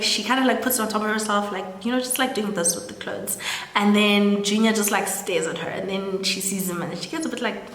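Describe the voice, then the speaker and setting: A woman's voice: mid-range voice, a bit bright. A young woman casually recapping a film, chatty and full of fillers. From South Africa. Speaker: storyteller. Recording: echoey room, long reverb.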